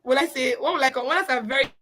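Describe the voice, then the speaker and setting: A woman coaches parents in a high, bright voice. She talks earnestly and repeats her points for emphasis, like an informal lesson. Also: very fast, low-quality recording. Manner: earnest, repetitive, acts out parents' complaints. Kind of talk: informal teaching talk.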